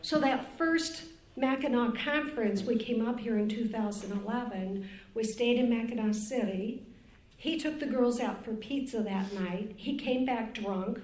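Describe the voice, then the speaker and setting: A woman's voice: fairly high pitch, a little slow, a little mellow. Candid older woman in a roomy hall. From Cleveland, Ohio. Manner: candid, rambling storytelling. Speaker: recovery panel speaker. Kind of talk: personal testimony at a recovery meeting. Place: conference room at a retreat. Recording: roomy conference room.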